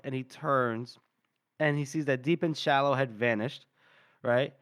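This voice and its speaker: A man's voice: on the high side, fairly even intonation, clear, resonant tone. A man co-hosting a book podcast, casually retelling scenes and acting out the characters' lines between laughs. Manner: retells scenes with quick voiced quotes and laughter. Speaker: podcast co-host.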